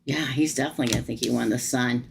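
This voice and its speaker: A woman reading tarot on a live stream, chatty and animated, laughing often. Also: very deep voice, very fast, creaky, background noise. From United States. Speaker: tarot reader.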